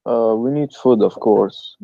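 A caller, a man speaking English as a second language, halting and hesitant, with a very dark, mellow voice. His call comes through a dull, lo-fi line that muffles the sound. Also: mid-range voice, creaky, dry recording. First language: not English.

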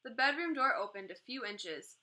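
A woman reading a children's chapter book aloud, gently voicing the characters as she goes. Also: on the high side, lively intonation, moderate pace, rough recording. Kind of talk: read-aloud storytelling.

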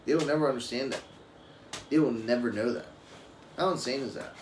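Young dad swearing through a rambling story. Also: male voice, mid-range voice, a little fast, darkish tone. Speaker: father. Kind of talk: casual live-stream chat. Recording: roomy echo with faint ambient noise.

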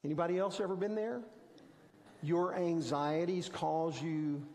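A man's voice: fairly high pitch, fairly even intonation, unhurried, darkish tone, long reverb tail. A man preaching a sermon as pastor, telling stories in a conversational, self-deprecating way. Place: church sanctuary.

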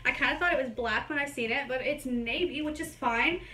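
Her high voice comes out brisk, pushed, and bright. She's a young YouTuber doing a try-on haul vlog inside her home, on her feet, a little out of breath, chatty, and teasing herself. The room gives the audio an echo.

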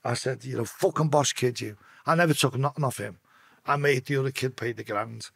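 A man with a thick Scouse accent tells his stories bluntly and swears constantly. His voice is husky and sits in a middle register. The recording is close and dry. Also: mid-range voice, fairly quick, fairly bright tone, no room sound. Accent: Liverpool (Scouse). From Liverpool, England. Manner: blunt, heavy swearing, restarts mid-sentence. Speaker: podcast guest. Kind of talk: casual storytelling.

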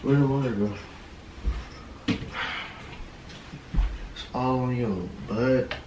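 A man's voice: medium pitch, fairly even intonation, slow pace, noisy background. Young man, urgent, echoey room. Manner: urgent and insistent, repeating orders. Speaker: boyfriend. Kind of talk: casual talk at home.

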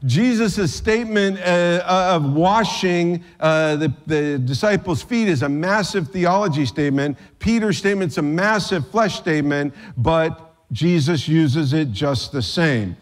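A man's voice: high-pitched, animated, measured pace. A man pastor giving a sermon in a conversational way, with joking asides.

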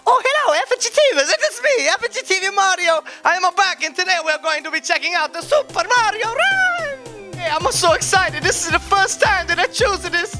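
An excitable cartoon plumber with a very high, squeaky falsetto that leaps all over the place. He whoops and giggles with a mock Italian lilt. Bright game music plays clearly behind him. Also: brisk, full character voice. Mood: giddy. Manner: gleeful, bouncy, full of whoops. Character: excitable cartoonish Mario-style plumber man. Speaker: gameplay host. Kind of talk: playing a mobile game in character.

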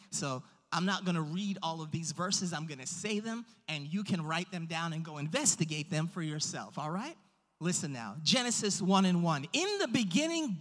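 A preacher delivering a sermon in a church, with emphatic, drawn-out stresses on key words. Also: mid-range voice. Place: church sanctuary. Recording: long church hall reverb.

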